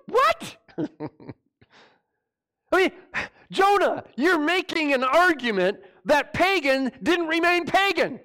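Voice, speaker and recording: Man preaching, high voice, lively swoops, rhetorical questions, teasing. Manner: animated, mocking, rhetorical questions. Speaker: pastor. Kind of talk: sermon.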